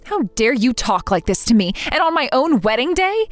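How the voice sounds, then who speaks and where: An exasperated young bride, played by a woman speaks in a high, animated voice. She sounds demanding and indignant. The recording is dry and close-miked. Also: normal speed, no room sound, soft background music. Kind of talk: text-message story voice acting.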